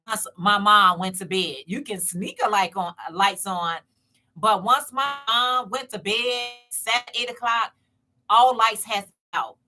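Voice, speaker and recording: A woman with a bright, ringing voice hosts a casual live stream from home. She talks in a loose, chatty way, circling back over her own phrases and calling out to her viewers as she goes. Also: mid-range voice. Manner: chatty, repeats herself, speaks straight to viewers. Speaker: channel host.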